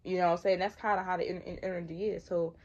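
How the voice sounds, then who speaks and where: Quick and flat in delivery, a woman in her twenties from Michigan reads tarot in a lowish, slightly mellow voice. Conversational and full of slang, she repeats herself emphatically. The audio is dull.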